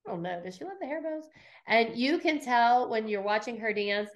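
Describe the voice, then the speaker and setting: A woman's voice: fairly high pitch, moderate pace, highs cut off. Middle-aged woman retelling stories with gusto. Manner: animated storyteller, acts out quotes, swears freely. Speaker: podcast host recapping episodes. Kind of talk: casual podcast chat.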